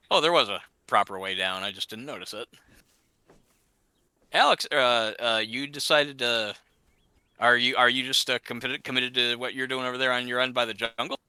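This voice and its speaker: A man's voice: mid-range voice, expressive, a little slow, creaky, pauses often, sharp tone, clean tone, no echo. A man chatting casually and rambling while playing a game, laughing at himself often. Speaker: gamer. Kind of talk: casual gaming chat.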